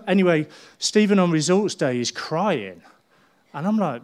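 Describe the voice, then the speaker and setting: A man's voice: on the high side, expressive, takes it slowly, darkish tone. A middle-aged man preaching a sermon with chatty, humorous storytelling. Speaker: pastor.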